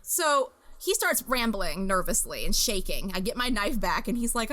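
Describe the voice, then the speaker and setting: A young woman hosting a podcast, telling a story in a casual, animated and profane way with bursts of laughter. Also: a little high, fairly quick, hardly any pauses. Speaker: podcast host.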